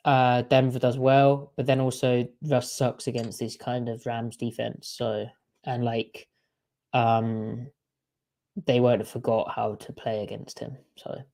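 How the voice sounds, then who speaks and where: A man's voice: medium pitch, little pitch movement, a little slow, gravelly, pauses often, mellow. A man co-hosting a livestream sports podcast, chatting in a wry, sarcastic way. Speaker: podcast co-host. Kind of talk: casual livestream sports chat.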